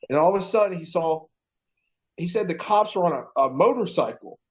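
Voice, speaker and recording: A man's voice: high-pitched, a little fast, muffled recording. A man co-hosting a podcast, telling a story in casual chat, swearing often and acting out the voices of the people in it. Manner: profane, animated storyteller acting out quotes. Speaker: podcast co-host.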